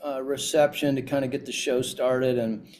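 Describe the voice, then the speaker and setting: A man's voice: mid-range voice, flat delivery, normal speed, darkish tone, slight background noise. A man guest on a podcast, telling a story with lots of restarts and fillers. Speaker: CEO guest. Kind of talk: casual storytelling interview.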